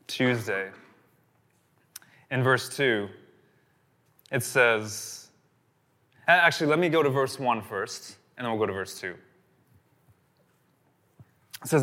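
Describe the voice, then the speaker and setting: A man preaching a sermon as a pastor, telling stories animatedly and repeating phrases for emphasis. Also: mid-range voice. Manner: animated storytelling, repetitive phrasing.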